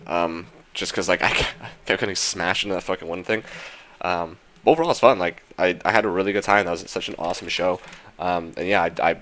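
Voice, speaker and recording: A man's voice: sits low, fairly bright tone. A young man casually recapping a concert in a vlog, rambling with lots of fillers and casual swearing. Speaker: vlogger.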